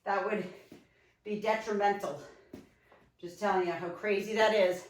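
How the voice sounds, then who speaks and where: A woman leading a home workout, coaching and counting down reps in an energetic, encouraging way while out of breath. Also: medium pitch, measured pace. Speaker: fitness instructor. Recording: echoey room, mic far off.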